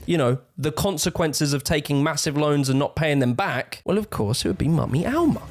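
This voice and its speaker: A man narrates a commentary video essay, sarcastic and animated and not shy of swearing. His voice sits a bit high and swings widely in pitch, with faint music playing underneath. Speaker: YouTube host and narrator.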